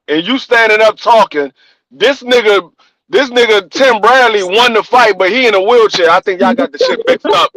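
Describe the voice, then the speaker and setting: A man co-hosting a podcast, talking boxing in animated, profane casual chat and repeating his punchlines. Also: sits high, moderate pace, no echo, low-quality recording. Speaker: podcast co-host.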